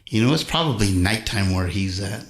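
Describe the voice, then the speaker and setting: A man's voice: lowish voice, lively intonation, moderate pace. A man hosting a live music stream, chatting casually with viewers between songs in an easygoing, rambling way. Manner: rambling, easygoing, self-interrupting. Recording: roomy, with acoustic guitar behind. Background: acoustic guitar.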